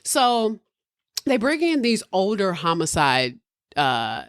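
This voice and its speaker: A woman's voice: medium pitch, big pitch swings, takes it slowly, no echo, studio quality. A woman hosting a podcast, casually retelling a true-crime case with slangy asides. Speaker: podcast host.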